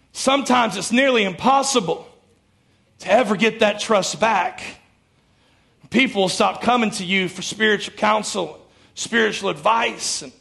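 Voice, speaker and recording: A man's voice: sits high, gravelly, a bit bright. A man preaching a sermon as pastor, emphatic and calling out to his congregation for responses in a church. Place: church sanctuary before a congregation.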